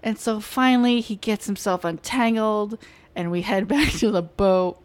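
A woman's voice: medium pitch, moderate pace, very noisy. A woman co-hosting a casual chat, telling a story with laughs and casual swearing. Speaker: podcast co-host.

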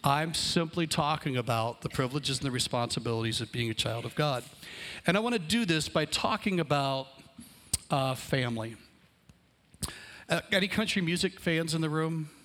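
A man, a pastor and father, preaching a relaxed, conversational sermon to his congregation. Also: fairly high pitch, normal speed. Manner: conversational, explaining plans aloud. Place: church hall with congregation.

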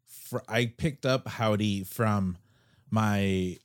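Low-voiced podcast guy rambling thru a story, dry close sound. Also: clean tone, no echo. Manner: rambling, halting storyteller with restarts. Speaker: podcast host. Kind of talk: casual podcast chat. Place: Seattle.

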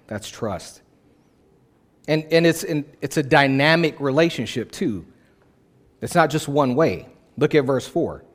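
A male pastor delivers a sermon in a conversational, plain-spoken way. His voice sits at an ordinary middle pitch for a man. He drives his points home by repeating key phrases over and over. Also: animated, moderate pace.

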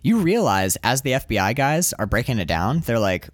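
A man's voice: medium pitch, big pitch swings, quick pace, hardly any pauses, dry recording, studio quality. A man in casual chat as a podcast co-host, rambling with lots of fillers and restarts. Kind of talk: casual chat about comics.

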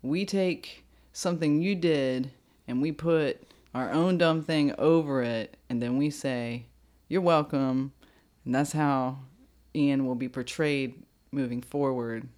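A woman's voice: a bass voice, unhurried, a little mellow. A woman hosting a podcast in casual chat, giggly, rambling and playful. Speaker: podcast host.

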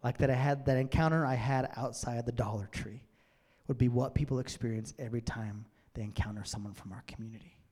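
Guy preaching a sermon, mid pitch, gets loud then drops to a whisper, long echo from the church hall. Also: fairly quick. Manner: swings from loud emphatic bursts to near-whispers. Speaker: pastor. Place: church sanctuary.

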